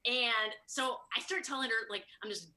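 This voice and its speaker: A woman comedian from Chicago telling a story at a fast, high-energy clip, acting out the quoted lines. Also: pushed and bright, a little hiss or hum, poor audio. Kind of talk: live storytelling monologue.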